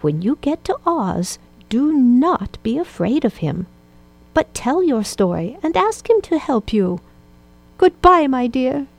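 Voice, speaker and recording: A woman voicing a kindly old female good witch in a storybook reading, speaking slowly, gently and solemnly. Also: sits high, big pitch swings, dry recording, pitched above the performer's own voice, full character voice.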